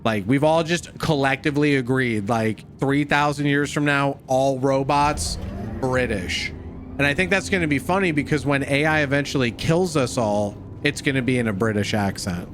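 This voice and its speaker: A man's voice: medium pitch, normal speed, noisy background. Profane joking young streamer guy. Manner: profane, joking, laughs often, calls everyone dude. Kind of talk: casual gaming commentary. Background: game music.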